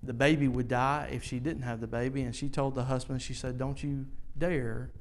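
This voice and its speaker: A man preaching a sermon, slow and earnest, rising loud and high at its peaks. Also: level tone, a little hiss or hum. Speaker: pastor.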